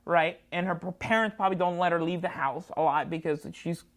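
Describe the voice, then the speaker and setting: A slightly low-pitched woman spins a frantic anecdote in a studio, lurching between hushed asides and loud, high bursts as she plays every character in it. Her voice leaps up for quoted lines and sinks low when she describes her nerves. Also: brisk. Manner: jumpy, acts out both sides of dialogue with big swings. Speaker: comedian guest. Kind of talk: animated anecdote storytelling.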